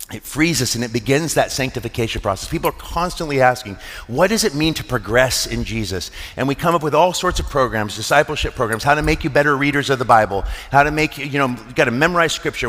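Middle-aged male pastor, earnest storytelling sermon, mid-pitched voice, long hall reverb. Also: a bit bright. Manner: earnest, conversational storytelling with restarts.

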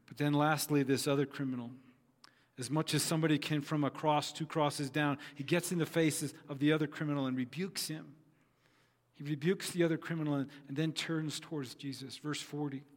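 A man's voice: a little high, steady tone, a little fast, long reverb tail. A man preaching a sermon who acts out quoted speech and repeats his phrases for emphasis. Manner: voices quoted figures dramatically, repeats phrases.

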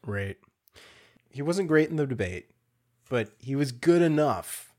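A man co-hosting a podcast, talking politics in a laid-back, drawn-out way, swearing casually and reaching for sports analogies. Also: mid-range voice, expressive, darkish tone.

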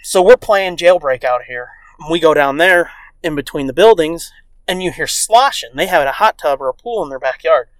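Crude, animated male podcast co-host. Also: fairly high pitch, moderate pace, no echo. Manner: profane, animated, acts out quoted voices. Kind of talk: casual crude storytelling.

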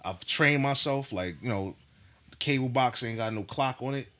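A man telling a story in a casual chat, animated and profane, full of slang. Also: mid-range voice, moderate pace.

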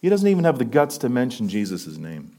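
A man preaching a sermon, swinging from loud emphatic peaks down to hushed, low lines. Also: wildly swooping pitch, a little fast. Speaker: pastor.

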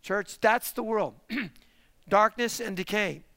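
A man delivers a church sermon, driving his points home with repeated questions and sudden emphatic rises. His voice sits high and sounds sharp and bright. The sound is dry and close, with no room echo. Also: slow. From parents lived in Texas. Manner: emphatic preaching with rhetorical questions. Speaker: pastor.

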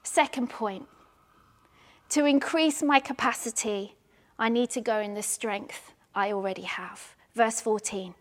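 A woman preaching a sermon in an earnest, repetitive cadence, at times sinking into hushed prayer. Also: on the high side, measured pace. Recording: long hall reverb.

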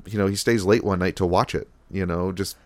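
A man's voice: deep voice, fairly even intonation, fairly quick, darkish tone, no room sound. A man co-hosting a podcast, recapping a TV episode in a rambling casual chat full of fillers and acted-out quotes. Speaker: podcast co-host.

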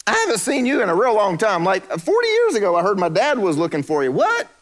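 A preacher putting on a high, sneering, scoffing king. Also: wildly swooping pitch, quick pace. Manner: incredulous, high-pitched sneering put-on voice. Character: mocking, scoffing male Egyptian king. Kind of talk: sermon storytelling.

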